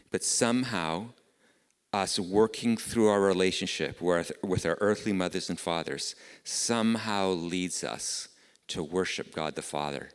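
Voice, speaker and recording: Middle-aged man, pastor, earnest sermon, deep voice, reverberant church hall. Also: clear, resonant tone. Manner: earnest, conversational preaching with repeated rhetorical questions.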